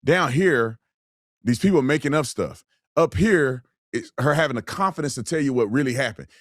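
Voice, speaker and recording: A man's voice: mid-range voice, moderate pace, dry recording. Male host, blunt colloquial commentary, dry close-miked sound. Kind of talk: political commentary with ad read.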